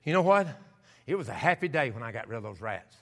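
A man preaching a sermon, telling a story and acting out the scenes with shouts and laughter, recorded in a church sanctuary. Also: medium pitch, sing-song, fast. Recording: church hall with long reverb.

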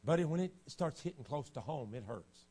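A man preaching a revival sermon, dropping to a low, hushed storytelling voice and then rising to loud, shouted preaching. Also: lively intonation, a little fast, husky. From United States. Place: church sanctuary. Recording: archived church recording with faint hum.

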